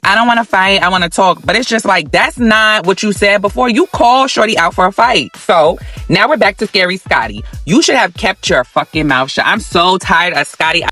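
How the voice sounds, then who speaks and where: A man hosting a reality TV recap, talking to viewers in an animated, sassy and dramatic way. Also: a little high. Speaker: host.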